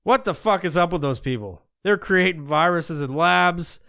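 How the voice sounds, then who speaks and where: A man's voice: a little high, normal speed, creaky, sharp tone, no room sound, clean studio sound. A man hosting a podcast, rambling casually in profane talk with many restarts. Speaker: podcast host.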